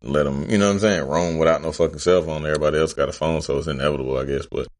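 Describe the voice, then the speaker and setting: Very deep-voiced, laid-back man co-host. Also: fairly even intonation, very fast. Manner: laid-back, profane, rambling. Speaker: podcast co-host. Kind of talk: casual podcast chat.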